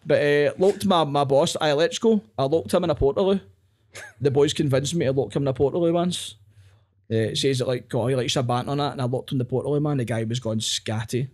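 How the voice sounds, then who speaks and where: Fast-talking Glaswegian comedian, sweary. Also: male voice, mid-range voice, darkish tone. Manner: rapid sweary anecdotes, often breaking into laughter. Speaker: comedian guest. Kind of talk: casual podcast chat.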